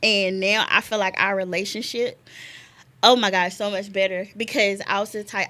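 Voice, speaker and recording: A young woman, a guest telling a personal story in an animated way, laughing often and repeating words. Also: mid-range voice, normal speed. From North Carolina, US. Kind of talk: casual conversation, personal story.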